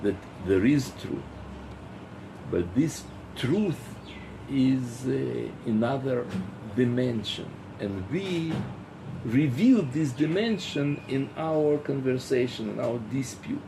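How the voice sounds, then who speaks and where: Slow, gravelly-voiced rabbi lecturing. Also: male voice, mid-range voice, lively intonation, noisy background. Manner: halting, with many fillers and restarts; rhetorical, acts out dialogues. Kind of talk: philosophy lecture.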